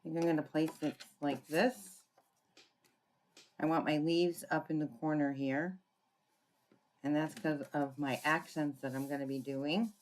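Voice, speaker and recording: A woman giving a casual card-making tutorial, chatting and thinking aloud as she works, often clearing her throat. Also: deep voice. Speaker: papercraft demonstrator.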